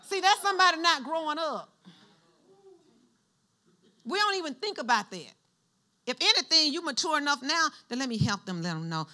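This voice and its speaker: High bright-voiced woman preaching a sermon. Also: very animated, moderate pace. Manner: call-and-response preaching, asking the congregation to finish lines. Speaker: pastor. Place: church.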